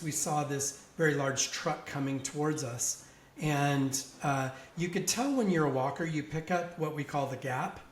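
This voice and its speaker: Animated man telling a story in an echoey room. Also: a little high, a little hiss or hum. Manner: animated anecdote-teller who laughs along. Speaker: podcast guest. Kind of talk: casual storytelling.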